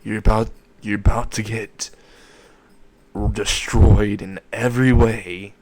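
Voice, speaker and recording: A man's voice: on the low side, steady tone, slow, a little mellow, no echo. A man voicing a touchy teenage brawler with a pompadour, defensive and threatening.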